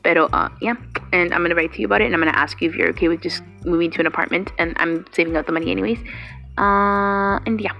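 A woman's voice: lowish voice, fairly even intonation, fast, gravelly, highs cut off, soft background music. A young woman recording a personal video message to her partner, rambling and swearing freely, with Spanish words mixed in. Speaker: vlogger addressing her partner.

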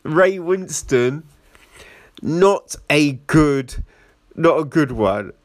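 A man's voice: a little high, animated, drawn-out words, no room sound, clean studio sound. A man giving a casual film review in a chatty way, laughing often and asking "right?" after his points.

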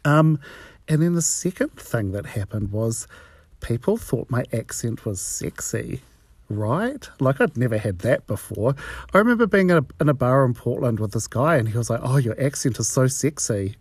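A man's voice: mid-range voice, sing-song, normal speed, husky, dry recording. A man from New Zealand with a New Zealand accent, telling a personal story in a profane, frank and wry way.

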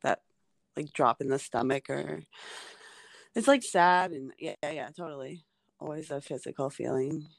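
A woman's voice: deep voice, moderate pace, creaky, pauses often, no echo. A woman comedian talking in a casual podcast chat, rambling with many fillers like "like" and "um". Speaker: stand-up comedian, guest.

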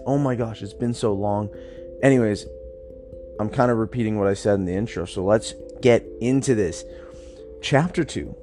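A man hosting a casual podcast, talking through a self-help book in an upbeat, chatty way, with a slightly rough morning voice. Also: fairly low pitch, darkish tone. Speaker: podcast host.

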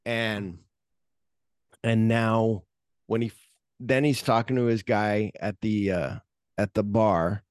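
A man's voice: fairly low pitch, fairly even intonation, slow, long pauses, darkish tone, clean tone, no echo, clean studio sound. A man hosting a podcast, casually retelling film scenes in a rambling way, full of "like". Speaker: podcast host.

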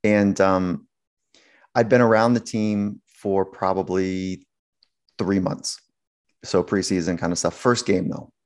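A man speaking as a sports psychologist guest, telling anecdotes in an animated way, acting out the voices he quotes and laughing often. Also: low voice, slow, pauses often. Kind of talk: anecdotal storytelling in conversation.

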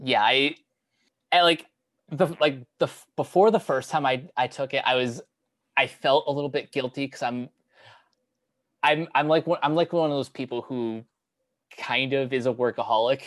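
A man's voice: medium pitch, a bit bright, no room sound. Young guy rambling on a podcast, lots of um and you know, dry sound. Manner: halting, many fillers and restarts. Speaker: podcast co-host. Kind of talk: casual chat.

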